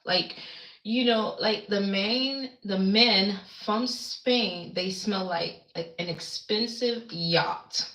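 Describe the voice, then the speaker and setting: A woman's voice: mid-range voice, slow, fairly bright tone, roomy sound, poor audio. A woman from the Caribbean islands chatting casually on a livestream, rambling and reacting to viewer comments. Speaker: livestream host. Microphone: webcam.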